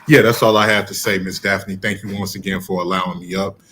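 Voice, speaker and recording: Man, caller, deep flat voice, quick speech, supportive, faint background noise. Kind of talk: casual call-in chat.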